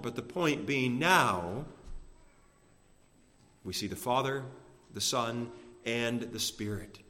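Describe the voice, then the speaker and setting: A man preaching a sermon to his congregation, measured and emphatic, slowing down to stress key phrases. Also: medium pitch, fairly bright tone. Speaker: pastor. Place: church sanctuary. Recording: long reverb of a church hall.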